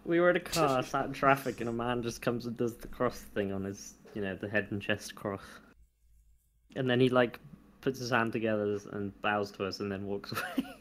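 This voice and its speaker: A man's voice: mid-range voice, normal speed, fairly bright tone, a little hiss or hum. A man in a casual chat with gaming friends, telling stories and breaking into laughter. He swears freely and puts on voices to act out what people said. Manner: laughs often, swears freely, acts out anecdotes. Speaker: gaming channel host.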